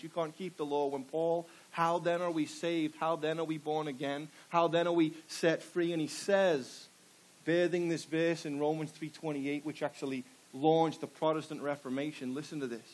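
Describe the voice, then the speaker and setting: A man's voice: a little high, a little mellow. A middle-aged man preaching a sermon to a congregation, passionate and full of rhetorical questions. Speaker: pastor.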